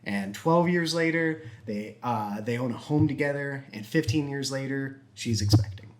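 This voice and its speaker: A man's voice: medium pitch, background noise. Giggly young man rambling through a joke. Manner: rambling, giggly, acts out characters in quick snippets. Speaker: YouTube host telling a joke. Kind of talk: casual storytelling.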